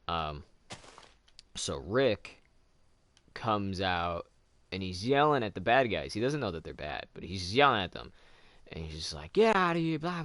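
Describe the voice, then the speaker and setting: Low-voiced rambling let's play host. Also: male voice, slight background noise. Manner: rambling storyteller, loose and chatty. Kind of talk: casual chat while gaming.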